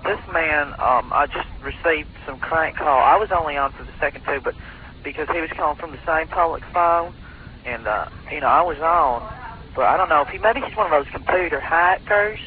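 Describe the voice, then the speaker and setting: A man's voice: fairly high pitch, normal speed. A man posing as a phone operator in a prank call, rambling and hesitant with a mock-official tone. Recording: tinny phone line, faint hiss.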